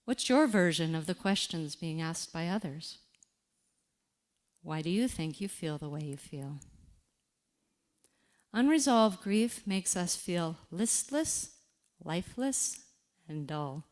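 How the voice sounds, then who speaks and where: A woman speaks slowly and deliberately in a reflective talk, guiding her listeners through a quiet exercise. Her voice sits a little low but rises and falls with lively expression. She leaves pauses between phrases. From Canada. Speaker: speaker on grief.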